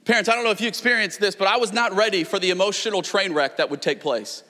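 A man in his thirties preaching a sermon in a large church, telling stories with animated energy that climbs to near-shouts. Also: sits high, fast talker. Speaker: pastor. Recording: long hall reverb.

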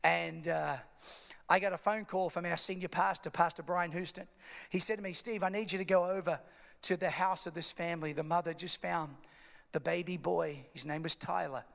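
A male pastor preaching a sermon with passion, building up to shouts. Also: fairly high pitch, gravelly. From Australia. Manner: impassioned preaching, rising to shouts. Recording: echoey hall reverb.

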